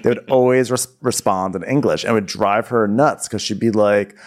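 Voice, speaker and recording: Brief: male podcast co-host, lowish voice, loose comedic recap chatter. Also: normal speed. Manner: chatty, lots of "like", acts out quotes. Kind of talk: casual comedic recap chat.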